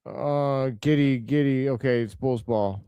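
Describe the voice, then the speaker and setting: A man hosting a live watch-along stream, giving casual play-by-play and answering viewers' comments, with excitable outbursts over big plays. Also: medium pitch, measured pace, clear, resonant tone, no echo, highs cut off.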